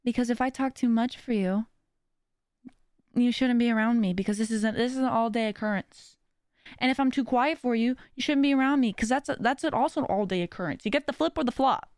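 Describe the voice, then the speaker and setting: A young woman with a fairly high voice chatting on her podcast in a loose, self-deprecating way, laughing often and slipping into the voices of people she quotes. The sound is dry and close, with no room around her. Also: fairly quick, a little mellow, dry recording. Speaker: podcast host. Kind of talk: casual personal chat.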